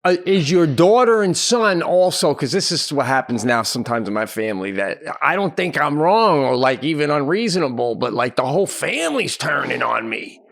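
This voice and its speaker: A middle-aged man co-hosting a podcast, chatting casually with quick asides and frequent laughter. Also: fairly high pitch, sing-song, vocal fry, fairly bright tone, no room sound, studio quality. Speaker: podcast co-host. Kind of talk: casual chat.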